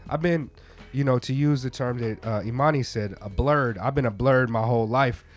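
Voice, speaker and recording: Relaxed slangy man, casual podcast chat, everyday voice. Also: medium pitch, moderate pace. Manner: laid-back slangy, relaxed drawl.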